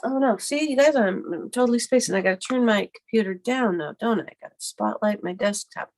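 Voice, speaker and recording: A woman hosting a live card-making tutorial from her home craft desk, chatty and rambling as she thinks aloud, her voice a little hoarse from a cough. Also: fairly high pitch, a little fast. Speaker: card-making livestream host. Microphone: computer webcam mic at her desk.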